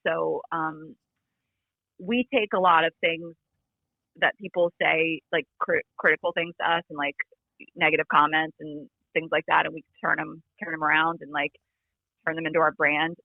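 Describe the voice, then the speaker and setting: Chatty woman with vocal fry, phone line. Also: sits low, little pitch movement, dry recording. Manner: chatty, lots of "like" fillers, quick asides. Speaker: podcast guest, comedian. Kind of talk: casual chat. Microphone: remote call.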